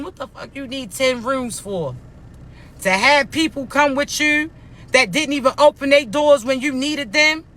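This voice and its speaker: A man's voice: very high voice, bright, forceful tone. A man giving a blunt, profane spiritual pep talk to his viewers, often repeating that he isn't playing. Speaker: spiritual motivational speaker. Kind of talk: preachy motivational monologue to viewers.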